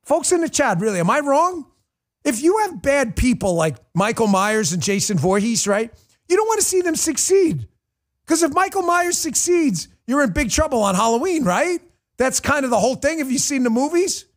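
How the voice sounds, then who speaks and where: A middle-aged man hosts a talk show with a high-set voice. He rants in a mocking, animated monologue and drops into sarcastic put-on voices. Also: moderate pace. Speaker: show host.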